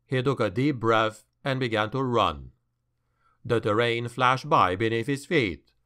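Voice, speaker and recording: A man narrating a dark fantasy audiobook in a measured, dramatic way. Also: mid-range voice, clear, resonant tone.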